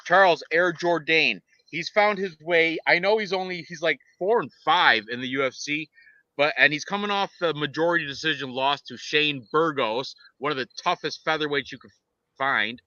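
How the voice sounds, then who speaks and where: Guy with a really bright voice going on about fight picks, kinda rambly, slightly dull lo-fi sound, dry room. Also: on the high side, dry recording. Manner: rambling, excitable, lots of restarts. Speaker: podcast co-host and fight picker. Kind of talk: casual fight-picks chat.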